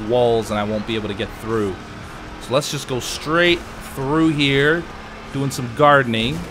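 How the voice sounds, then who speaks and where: A man at a mid-range pitch narrates his own gameplay in a casual, joking way. He drifts between relaxed chatter and sudden excited outbursts. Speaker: let's play host.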